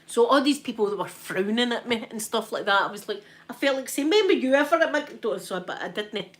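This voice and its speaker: A bit fast and medium in pitch, a Scottish woman chats with her ASMR stream viewers while telling a story. She keeps it casual and animated, voicing what people said and regularly adding "right?"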